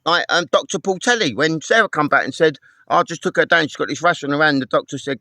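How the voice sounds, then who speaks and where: A man delivers a heated, sweary rant, circling back over the same points again and again. His voice sits fairly high, and the sound is close and dry with no room echo. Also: fast, sharp tone. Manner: sweary, heated, repeats himself. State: homeless. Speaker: vlogger. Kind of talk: angry personal rant to camera.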